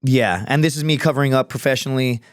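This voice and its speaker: A man who is a podcast guest, telling stories in a casual, profane and animated way, acting out other people's voices as he goes. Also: mid-range voice, fast, dry recording, clean studio sound. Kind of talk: casual storytelling. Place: podcast studio.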